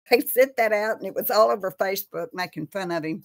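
A woman's voice: medium pitch, a little fast, hardly any pauses. Chatty woman hosting a live chat. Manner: chatty, reads out viewer names. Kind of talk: casual live chat with viewers.

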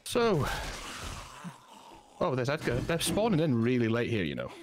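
Guy playing a co-op game, dry teasing banter, mid pitch. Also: wildly swooping pitch, normal speed, noisy background. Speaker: co-op game partner. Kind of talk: casual gameplay chat.

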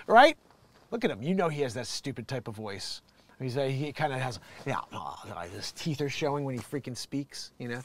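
A man's voice: medium pitch, big pitch swings, normal speed. A man hosting his own show, ranting comically from a home studio, rambling, profane and laughing often. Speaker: show host. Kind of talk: ranting comedic commentary.

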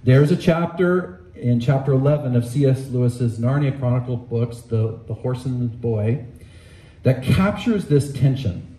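A man's voice: mid-range voice, expressive, measured pace, dark tone, echoey room, low-quality recording. A man preaching a sermon in a conversational, emphatic way, with candid asides, in a church. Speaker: pastor. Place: church sanctuary.

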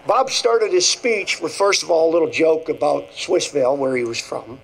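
Older man, slightly high voice, athletic director type, folksy off-the-cuff graduation speech. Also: normal speed, vocal fry, poor audio. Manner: folksy, off-the-cuff storytelling with repeated phrases. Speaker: athletic director giving a commencement address.

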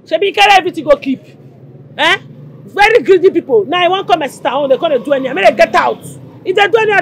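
An actress with a Nigerian Pidgin accent playing a brash, boastful daughter in a Nollywood film. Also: female voice, high-pitched, a little hiss or hum. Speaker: daughter on the phone with her mother.

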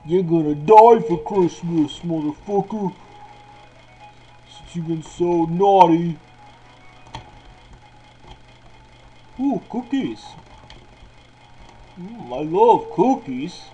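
A man voicing a murderous, foul-mouthed old Santa Claus in a booming, Dracula-like drawl. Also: animated, takes it slowly, pauses often, warm tone, highs cut off, soft background music. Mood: gleeful.

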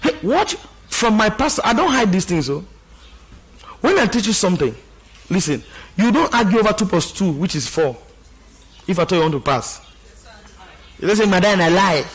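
A pastor preaching, passionate and often shouting out exclamations between scripture quotes. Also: male voice, high voice, sing-song, moderate pace, long pauses, slightly rough. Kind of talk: sermon.

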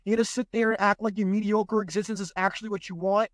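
Blunt, high-voiced man ranting on a podcast. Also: little pitch movement, quick pace, dry recording. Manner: blunt, profane, sarcastic. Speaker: podcast host.

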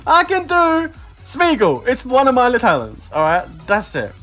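A man streaming a game, excitable, whooping and laughing as rewards drop. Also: extremely high pitch, normal speed, faint music behind. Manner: excitable, shouting and laughing at drops. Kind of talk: live game commentary.

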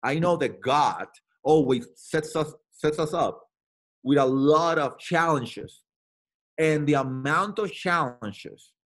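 A man from Latin America in his thirties, giving an emphatic, repetitive motivational talk to his team and acting out the voices he quotes. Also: fairly high pitch. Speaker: team trainer.

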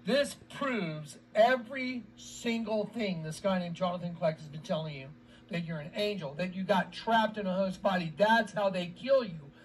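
A man's voice: high-pitched, moderate pace, far from the mic, low-quality recording. A man giving heated scripture commentary, agitated, often asking "ready?" and drawing out quoted words. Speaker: online preacher.

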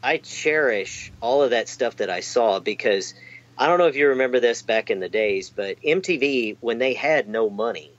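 A man's voice: mid-range voice, expressive, moderate pace. Guy rambling thru an interview, lots of ums and restarts, kinda dull lo-fi sound. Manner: rambling, self-deprecating, many fillers and restarts. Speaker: amp technician guest. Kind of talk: casual interview chat.

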